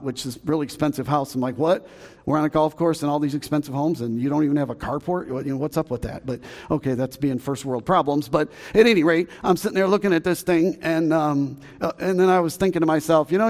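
Animated Southern pastor telling a story. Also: male voice, on the high side, in a large hall. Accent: Southern American. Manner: animated, acts out shouts and sounds, chuckles at his own jokes. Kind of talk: storytelling sermon. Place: church sanctuary.

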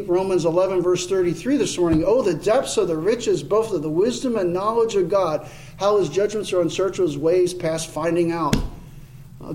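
A man's voice: sits high, echoey room, low-quality recording. A man preaching an expository sermon in a church, earnest and building to emphatic declarations.

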